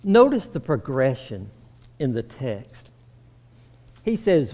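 A man preaching a sermon, swinging between raised, emphatic lines and hushed, low passages. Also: big pitch swings, unhurried, lo-fi sound. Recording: long reverb of a hall.

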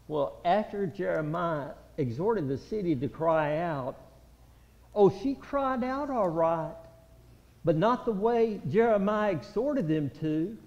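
High-voiced preacher in an echoing hall. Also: male voice, lively intonation, unhurried. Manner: impassioned, pleading, swings from loud to hushed. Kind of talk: sermon. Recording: reverberant hall, dull lo-fi sound.

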